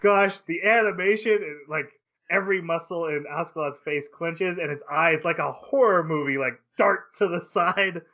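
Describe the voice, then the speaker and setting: Bright-voiced guy recapping an anime on a podcast, acts out scenes, kinda lo-fi mic. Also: fairly high pitch. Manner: animated retelling with quick voice switches. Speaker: podcast host. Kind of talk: casual anime discussion.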